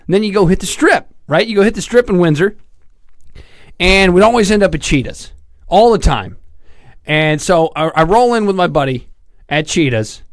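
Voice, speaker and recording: A man's voice: high-pitched, expressive, normal speed, no room sound, clean studio sound. A man co-hosting a podcast, telling rambling, profane stories in casual chat and laughing as he goes. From Detroit area. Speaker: podcast co-host.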